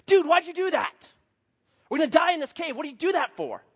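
A man acting out an angry young man who is panicking in a dark cave and shouting accusations. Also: very high-pitched, big pitch swings, brisk, in a large hall, voice pushed up, full character voice. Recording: dull lo-fi sound.

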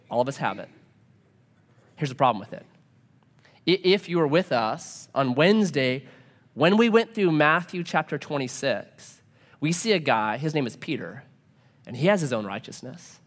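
A man preaching a sermon as a pastor, animated and joking, acting out quoted voices. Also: on the high side, unhurried, long pauses. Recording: long hall reverb.

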